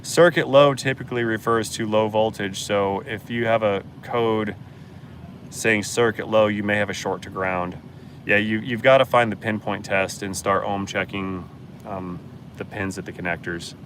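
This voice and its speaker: Plainspoken man, lowish voice. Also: fairly even intonation, moderate pace, a bit bright, a little hiss or hum. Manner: plainspoken mechanic, blunt and joking. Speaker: host answering live chat. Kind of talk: casual live-stream Q&A.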